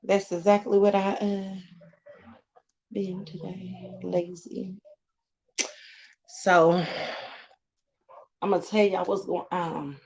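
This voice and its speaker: A woman's voice: medium pitch, level tone, slow pace, creaky, pauses often, a little mellow, muffled recording, slight background noise. A middle-aged woman chatting casually on a live stream, greeting viewers by name and laughing often.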